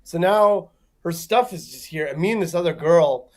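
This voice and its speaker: Here a man with a higher-than-average voice, a comedian appearing on a talk show, recounts a tale at a moderate pace. The storytelling is energetic and profane, and he performs the voices of everyone in it.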